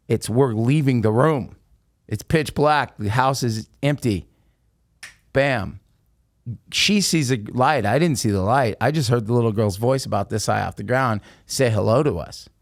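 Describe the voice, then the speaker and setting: Male podcast guest, mid-pitched, animated storyteller, dry close sound. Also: gravelly, no echo. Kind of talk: casual storytelling.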